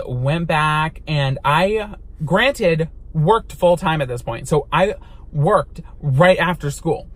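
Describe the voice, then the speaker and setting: A young man vlogging from inside a car, telling a story in an animated, dramatic way and swearing now and then. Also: fairly high pitch. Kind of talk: storytime vlog.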